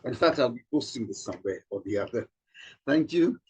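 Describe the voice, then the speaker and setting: A man, a trainer, explaining slowly and demonstrating vowel sounds. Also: medium pitch, expressive, a little mellow, slightly rough, low-quality recording. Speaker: accent trainer. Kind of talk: informal spoken explanation.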